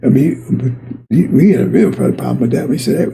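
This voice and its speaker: Gravelly dark-voiced man preaching. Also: medium pitch, a little fast, rough recording. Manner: colloquial, repetitive preaching with acted-out dialogue. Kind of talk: sermon.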